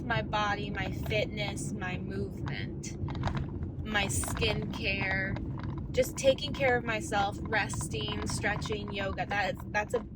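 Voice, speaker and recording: A woman's voice: a little high, heavy background noise. A woman in her thirties in a casual, candid vlog rant, rambling as she coaches herself through her thoughts. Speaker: vlogger.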